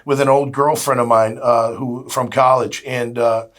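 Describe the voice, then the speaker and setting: A man's voice: medium pitch, little pitch movement, normal speed, a bit bright. A man in his fifties from Florida, telling stories as a guest in a casual interview, chatty and full of fillers, acting out the dialogue he recalls. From Jacksonville, Florida. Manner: chatty, acts out quoted dialogue, many "you know" fillers. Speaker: guest, former pro football player.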